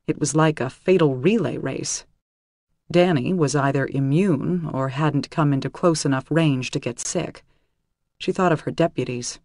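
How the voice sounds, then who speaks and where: A male audiobook narrator with a fairly high voice reads a script in a steady, measured way. The recording is close and dry, with no room sound or echo.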